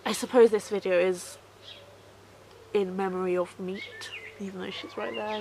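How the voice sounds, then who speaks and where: A woman talking softly to camera in a personal vlog, halting and sorrowful, often repeating herself to stay calm. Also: mid-range voice, vocal fry, noisy background. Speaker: vlogger.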